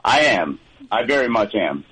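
A gruff man phones in to a radio show, his husky voice coming over a phone line. He speaks in halting, wry bursts, stumbling and restarting as he talks. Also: lowish voice, very animated, fairly bright tone. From Maryland. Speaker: caller. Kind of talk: call-in chat.

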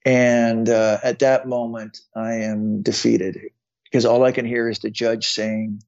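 Gravelly guy in his 50s telling his story on a podcast, earnest, repeats himself, kinda dull lo-fi sound. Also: fairly low pitch, level tone, measured pace, darkish tone. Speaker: podcast guest. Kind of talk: personal storytelling in conversation.

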